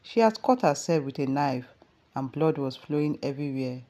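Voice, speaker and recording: Nigerian lady storyteller, reading a dramatic tale, steady voice. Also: sits low, normal speed. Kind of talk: scripted story narration.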